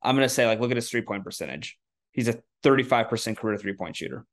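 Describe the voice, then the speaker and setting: A man's voice: mid-range voice, expressive, fast talker. A man on a sports podcast, chatting casually in a rambling, self-mocking way with many restarts.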